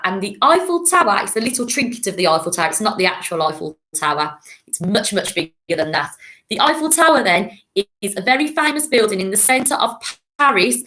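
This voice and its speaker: Woman, primary teacher, slightly high voice, clear and patient and encouraging. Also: sharp tone. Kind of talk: recorded classroom lesson for children.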